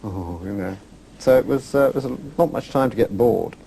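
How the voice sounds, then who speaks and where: A man's voice: medium pitch, normal speed, vocal fry, dark tone, husky. An older man from England, a guest telling travel stories in a chatty, self-mocking way. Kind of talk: casual interview chat.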